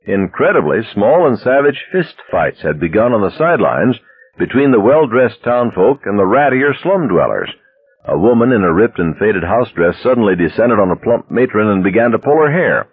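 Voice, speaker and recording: A man narrating a story aloud in a steady, measured reading. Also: fairly low pitch, husky. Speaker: audiobook narrator. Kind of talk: scripted narration. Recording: dry tinny phone-like sound.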